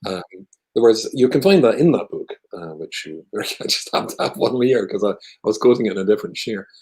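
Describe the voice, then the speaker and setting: A man's voice: on the low side, lively intonation, fast talker, darkish tone, rough recording. A Scottish man from Scotland, a guest speaker telling stories in conversation with wry, self-deprecating humour. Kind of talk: conversational storytelling.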